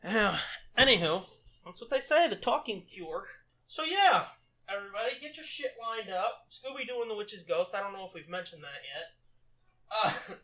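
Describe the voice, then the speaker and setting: A man's voice: high-pitched, lively intonation, moderate pace, sharp tone. A man co-hosting a movie commentary, telling rambling, profane stories in casual chat. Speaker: podcast co-host.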